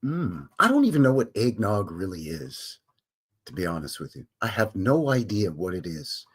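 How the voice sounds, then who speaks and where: Hosting a laid-back live stream, this Canadian man speaks at a moderate pace in a lowish, husky, sing-song voice, wandering from topic to topic, joking with viewers and laughing at his own remarks.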